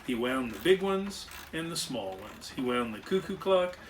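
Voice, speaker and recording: A man's voice: medium pitch, sing-song, normal speed, far from the mic, slight background noise. A man reading a children's story aloud with expression, acting out animal and machine sounds along the way. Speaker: storyteller and clockmaker.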